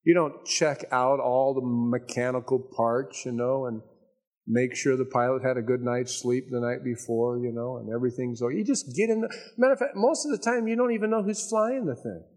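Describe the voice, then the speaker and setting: A man preaching a sermon in a conversational, storytelling way, slowing down to stress his key points. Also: mid-range voice, a little mellow. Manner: conversational storytelling, folksy asides; emphatic, slows down on key points. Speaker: pastor.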